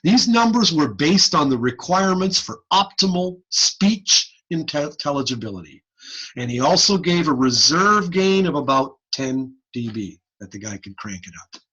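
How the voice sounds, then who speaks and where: A man giving an informal online lecture, lively and blunt, over a computer mic on a video call. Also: a little high, normal speed, slightly rough, muffled recording. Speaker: audiology lecturer.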